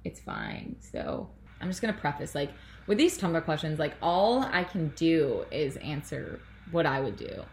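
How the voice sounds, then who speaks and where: A young woman from Toronto talks on her podcast, slightly out of breath, rambling and apologizing as she goes. Her voice sits low for a woman. It is recorded on a laptop's built-in mic with faint background noise. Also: huge pitch swings, unhurried, creaky, a little mellow. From Canada, Toronto. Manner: rambling, filler-heavy, apologetic. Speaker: podcast host. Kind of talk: casual chat.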